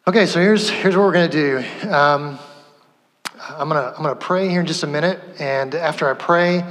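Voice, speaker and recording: A pastor in a church inviting people to come forward for prayer, gentle and repetitive in his phrasing. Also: fairly high pitch, normal speed. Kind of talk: sermon altar call. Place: church sanctuary. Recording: long hall reverb.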